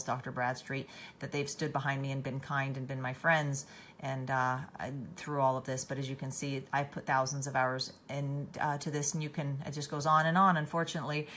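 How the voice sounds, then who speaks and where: A woman's voice: rumbling low, a bit bright, slight background noise. A woman hosting a casual live stream, tired, reading out viewer comments and answering them by name with many fillers and restarts.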